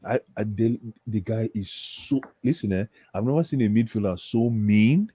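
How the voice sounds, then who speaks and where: A man co-hosting a casual football chat, excitable and emphatic, repeating his points. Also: fairly low pitch, normal speed, breathy edge, no echo. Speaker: podcast co-host.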